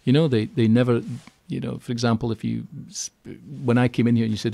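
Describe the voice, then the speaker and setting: A man talking as a guest in a radio interview, chatty and animated, acting out little quotes as he goes. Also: medium pitch, quick pace, creaky, hardly any pauses, no echo. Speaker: radio guest, keynote speaker on property finance. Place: radio studio.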